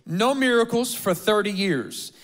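A male pastor with a high voice preaches an energetic, joking sermon in a church auditorium. He calls out to the congregation and gets them to clap and repeat after him. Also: measured pace. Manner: energetic, humorous, rallies the congregation.

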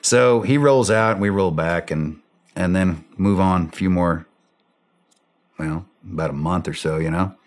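A deep-voiced man spins a casual war story as a podcast guest. He is animated and laughs easily, slipping into the voices of the people in his story. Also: a little slow. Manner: animated, laughing, acts out quoted dialogue. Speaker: former special forces operator, podcast guest.

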